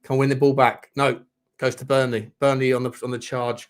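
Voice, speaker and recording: Hosting a live football watchalong, a man with a mid-range voice speaks at a normal speed. His commentary is excitable and full of swearing, and he yells at the referee.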